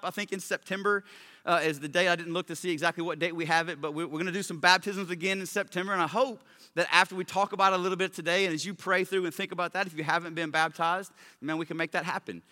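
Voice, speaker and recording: A male pastor preaching in a conversational, excitable way, full of casual slang. His voice is high and bright. The room gives it a long, ringing reverb. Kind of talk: sermon.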